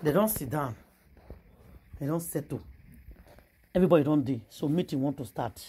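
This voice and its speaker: A woman with a Nigerian accent telling a gossip story in a casual vlog, animated and exclamatory, mixing Pidgin and English. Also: deep voice, normal speed, slight background noise. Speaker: gossip vlogger.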